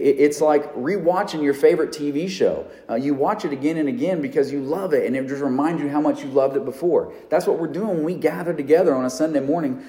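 A pastor preaching a sermon in a conversational way, with everyday examples and frequent restarts. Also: male voice, mid-range voice, warm tone.

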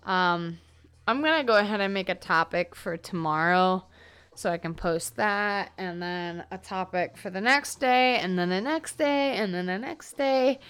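A woman's voice: medium pitch, measured pace, fairly bright tone, clear, resonant tone. A tired young woman talking through her workday on a solo podcast, rambling off topic with lots of fillers. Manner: rambling, self-interrupting with fillers. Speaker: podcast host. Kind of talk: casual solo podcast monologue.

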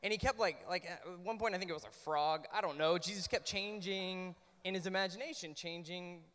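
High-voiced man telling a story in a reverberant space. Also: brisk. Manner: animated, many fillers and restarts, laughs while telling. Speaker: panel guest. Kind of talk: casual anecdotal storytelling.

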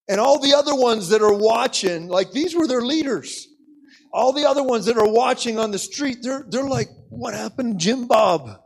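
Male preacher, high voice, animated sermon storytelling, repeats words. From United States.

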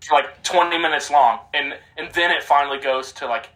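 A man's voice: fairly high pitch, normal speed, a bit bright, low-quality recording. A man co-hosting a casual podcast, telling stories in a rambling way full of fillers. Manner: rambling, filler-heavy storyteller. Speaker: podcast co-host.

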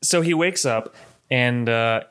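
Animated male podcast co-host. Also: medium pitch, slow pace, smooth. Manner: animated, acts out film scenes with shouting. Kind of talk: casual chat.

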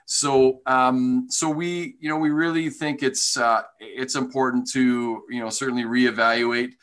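Bright, earnest man talking shop. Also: medium pitch, steady tone, unhurried. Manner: earnest and passionate, with many fillers and restarts. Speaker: golf business leader, podcast guest. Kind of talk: conversational podcast interview.

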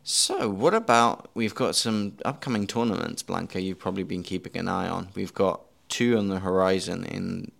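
A man's voice: sits low, expressive, normal speed, creaky, few pauses, fairly bright tone. A man hosting a podcast, chatting casually with a guest and making dry jokes. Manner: dry joking asides. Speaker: podcast host. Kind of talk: casual interview chat.

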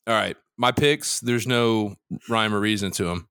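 A man's voice: fairly low pitch, unhurried, pushed and bright, clean tone, no room sound, studio quality. A man co-hosting a casual sports betting podcast, loose and profane, teasing his partner and jumping between topics. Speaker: podcast co-host.

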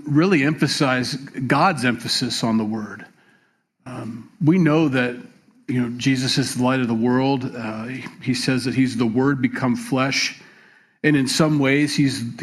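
Relaxed, halting male pastor. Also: medium pitch, breathy edge. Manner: relaxed, many fillers and repeated words. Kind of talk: sermon.

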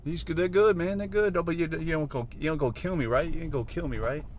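A man doing a squeaky, pleading little spider. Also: a little hiss or hum, lightly acted. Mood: nervous. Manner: high, pleading, fast repeated begging. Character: nervous pleading male house spider.

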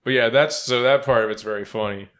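Bright voiced dude cracking up, cursing, riffing on football. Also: male voice, mid-range voice, quick pace. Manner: laughing, swearing, animated storytelling. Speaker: podcast co-host. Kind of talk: casual sports chat.

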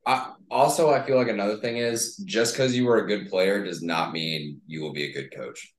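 Casting: deep-voiced young man, loose talk packed with "like", echoey room. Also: normal speed. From Florida, USA. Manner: loose, filler-heavy talk, says "like" constantly. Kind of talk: casual podcast chat. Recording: roomy echo.

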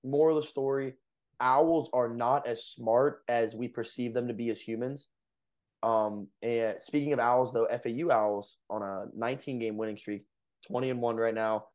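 A young man telling a story on a podcast in loose, rambling style. He fills his sentences with filler words and chuckles between lines, and his voice sits at an ordinary middle pitch. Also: fairly even intonation, normal speed, darkish tone. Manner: rambling, lots of fillers, laughs while telling. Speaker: podcast co-host. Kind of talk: casual storytelling.

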